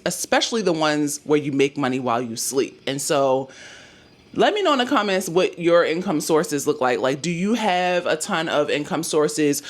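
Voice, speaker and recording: A woman in her thirties, hoarse from losing her voice, chatting casually through her monthly budget numbers and talking straight to her viewers. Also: sits low. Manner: chatty, addresses viewers as "y'all", thinks aloud over numbers. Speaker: budgeting YouTuber.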